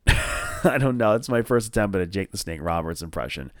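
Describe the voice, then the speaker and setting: A man from northern New Jersey hosting a casual wrestling review podcast, rambling and excitable with lots of fillers and swearing. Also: sits low, brisk, dry recording. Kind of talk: casual solo review show.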